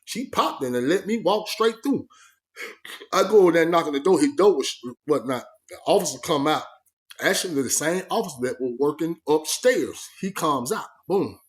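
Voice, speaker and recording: A man telling a prison story in an animated way, acting out dialogue and making sound effects as he goes. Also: a little high, moderate pace. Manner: repeats fillers like "man" and "you know what I mean". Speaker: vlogger recounting his prison life.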